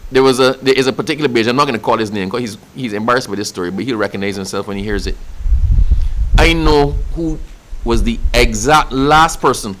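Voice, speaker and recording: A man's voice: mid-range voice, fairly bright tone. A man from Barbados with a Barbadian accent, answering an interviewer in a passionate, emphatic way and repeating phrases for effect. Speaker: official speaking about national celebrations.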